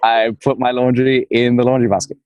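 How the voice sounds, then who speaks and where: A man speaking as a guest in a conversation, telling stories in a playful, animated way and acting out little scenes. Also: medium pitch, fairly quick, clear, resonant tone, dry recording, dull audio. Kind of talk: conversational storytelling.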